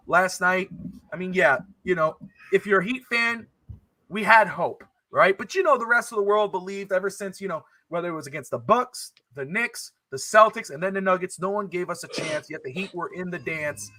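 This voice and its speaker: A man's voice: sits high, pushed and bright, no room sound. A man hosting a casual sports talk show, chatty and emphatic, on a close mic. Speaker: podcast host.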